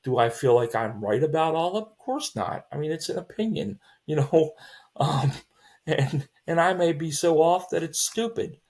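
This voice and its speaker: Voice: medium pitch, animated, moderate pace, a little mellow. A podcast host in a casual sports chat, rambling with many restarts, opinionated and exasperated. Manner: rambling, with frequent restarts and fillers.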